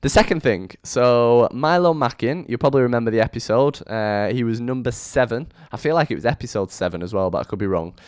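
A young man hosting his own podcast, chatting casually with a rambling, lively intonation into a microphone. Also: medium pitch, a little fast, hardly any pauses, smooth, no room sound, clean studio sound. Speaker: podcast host. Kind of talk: casual solo podcast monologue. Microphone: studio microphone.

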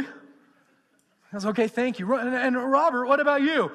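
A man preaching a sermon, animated and swinging between loud emphasis and hushed, near-whispered passages. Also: extremely high pitch, moderate pace, pauses often. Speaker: pastor. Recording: long reverb of a large hall.

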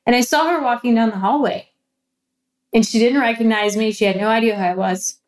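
A woman's voice: fairly high pitch, brisk. A young adult woman, a guest in a casual interview, telling a personal story candidly and with animation, often laughing.

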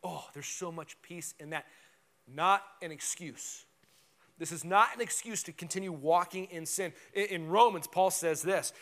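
A man's voice: high-pitched, normal speed, fairly bright tone. A man preaching a conversational, emphatic sermon in a church, often checking in with "right?". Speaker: pastor. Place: church sanctuary.

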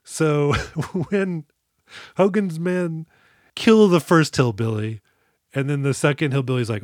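A man's voice: fairly high pitch, slow, dry recording, clean studio sound. A man co-hosting a podcast, chatting casually and joking about a movie, often laughing mid-sentence. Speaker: podcast co-host. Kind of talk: casual comedic movie chat.

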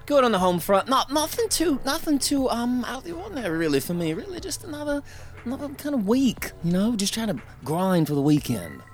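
A man's voice: very high-pitched, sing-song, a little fast, faint music behind. A man doing a laid-back mock-Cockney mate. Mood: casual. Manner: hesitant, full of fillers.

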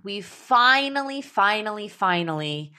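A woman's voice: lively intonation, measured pace, pushed and bright. Chatty woman, "like"-heavy storytelling. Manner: chatty, fills with "like", acts out quotes in a high voice. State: pregnant. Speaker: podcast guest. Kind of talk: casual chat.

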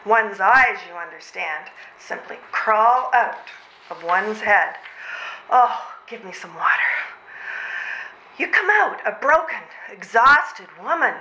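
A woman's voice: medium pitch, lively intonation, slow, pushed and bright. A woman plays a worn-out, frantic mother and civil servant in a live stage comedy reading, overwrought, sighing and out of breath. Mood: aggrieved complaining. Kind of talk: readers' theatre stage comedy. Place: old train station before a live audience. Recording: roomy hall sound.

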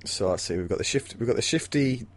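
A man co-hosts a casual podcast about a mystery novel, rambling through bawdy, giggly stories. His medium-pitched voice is animated and quick.

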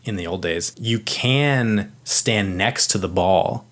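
A man's voice: lowish voice, slow pace. A man in casual chat explaining football rules, rambling with many restarts and fillers. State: out of breath.

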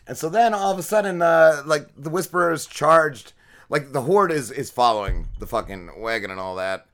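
Another podcast co-host, his voice on the high side, expressive and fairly bright, talks at a normal speed. He casually rambles through an episode recap, cursing a lot and using plenty of fillers.

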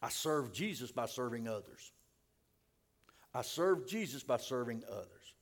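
A man preaching a sermon as pastor, often repeating words and rising to loud, emphatic peaks. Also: mid-range voice, animated, measured pace.

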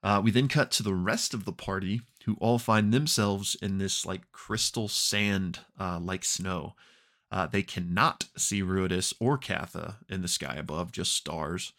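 A young man with a deep, low-pitched voice talks through a story recap for his podcast. He narrates casually and drifts often into fillers and small restarts. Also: a little slow. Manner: relaxed storytelling with many fillers. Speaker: podcast co-host.

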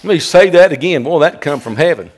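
A preacher delivering a sermon with fervor. His voice sits a little high for a man and leaps louder and higher as he drives each point home. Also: expressive, fairly quick. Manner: fervent preaching with sudden loud, high bursts. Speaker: pastor.

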